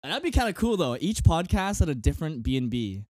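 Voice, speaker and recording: A man's voice: fairly high pitch, sing-song, quick pace, a little mellow, dry recording, clean studio sound. A man from Canada co-hosting a podcast in casual late-night chat, laughing and joking through loose banter. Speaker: podcast co-host.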